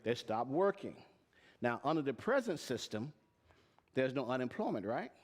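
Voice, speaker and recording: A man's voice: mid-range voice, big pitch swings, moderate pace. A man teaching tax and payroll to a live audience, plain-spoken and emphatic, often asking them questions. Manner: asks the audience repeated questions. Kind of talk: live-streamed teaching talk.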